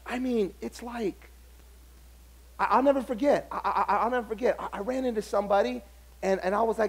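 Male pastor, high-pitched, animated storyteller, sermon delivery. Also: a little fast, gravelly, slightly rough. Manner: animated storytelling, acts out other people's lines.

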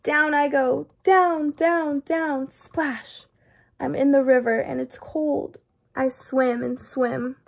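A woman reading as a worried, slow-talking walrus. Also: high voice, level tone, creaky, exaggerated voice. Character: anxious fretful male walrus. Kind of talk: children's storybook read-aloud.

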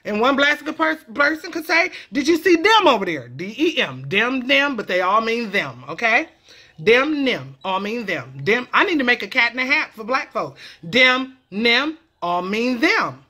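Her fairly high-pitched voice moves a little slowly as this California woman, a comedic vlogger, teaches a lesson. The delivery is slangy, playful, and animated, with frequent jumps into character voices.

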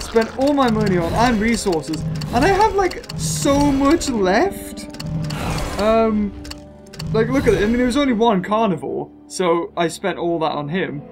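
A British man giving excitable gameplay commentary as a gaming video host, gushing and laughing between lines. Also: high-pitched, measured pace, music in the background.

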